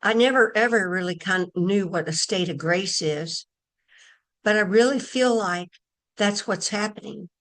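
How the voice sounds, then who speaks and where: A woman hosting an online spiritual group, speaking in an earnest, meandering way with pauses and restarts over a video call. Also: medium pitch, a bit bright.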